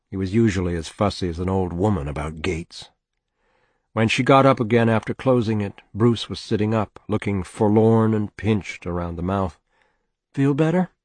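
A man narrating a novel in a steady, measured audiobook reading. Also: lowish voice, no echo.

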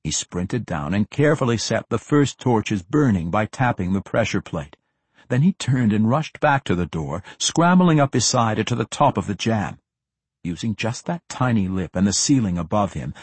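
A man reading a fantasy audiobook as narrator, telling the story in an expressive, dramatic way. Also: on the low side, normal speed, breathy edge, no room sound.

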